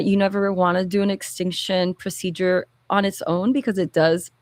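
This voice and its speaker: Animated woman explaining, dry sound. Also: lowish voice, creaky, no echo. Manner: animated, acts out parents and children in quotes. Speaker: behavior therapy clinic founder. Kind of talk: explanatory talk-show chat.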